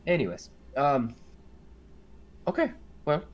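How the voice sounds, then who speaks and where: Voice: mid-range voice, very animated, takes it slowly, lo-fi sound. A game master voicing a motherly, joking woman cook in a put-on Scottish accent, rambling with fillers. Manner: chatty, teasing, many fillers and self-corrections. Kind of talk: tabletop role-play.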